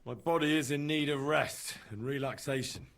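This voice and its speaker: A weary young hero from a medieval video game, earnest and plain-spoken. His pitch is ordinary for a man. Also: moderate pace, vocal fry, fairly bright tone. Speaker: game protagonist.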